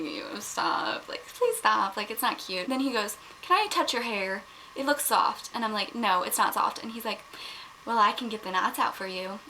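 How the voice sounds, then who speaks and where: A teenage girl telling a storytime vlog in a casual chatty way, filling her talk with "like" and getting loud and indignant as she retells. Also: medium pitch, a little hiss or hum, rough recording. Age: teens. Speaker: vlogger. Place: home, at one point in a bathroom.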